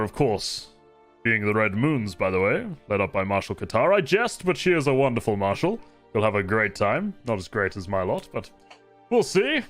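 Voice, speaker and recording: A man's voice: medium pitch, a bit bright. A man playing a cheerful, boastful male marshal in shining plate armor, with a jovial, theatrical, teasing way of talking.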